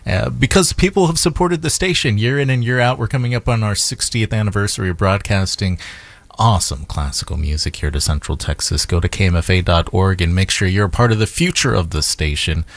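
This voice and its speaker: A man hosting a classical music radio morning show, making upbeat pitches for a fund drive in the studio. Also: a little fast, gravelly, dry recording. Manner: upbeat, promotional, repeats phone number. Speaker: radio host. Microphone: studio microphone.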